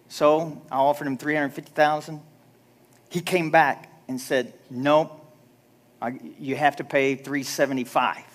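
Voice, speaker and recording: A middle-aged man, a pastor, preaching a chatty, self-deprecating sermon and acting out the dialogue in his stories. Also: fairly high pitch. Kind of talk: sermon with storytelling. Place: church sanctuary.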